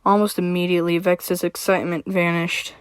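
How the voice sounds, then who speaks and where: A woman's voice: on the low side, flat delivery, brisk, smooth, dry recording. A young woman reading her own story aloud, chatting casually first, rambling with many fillers.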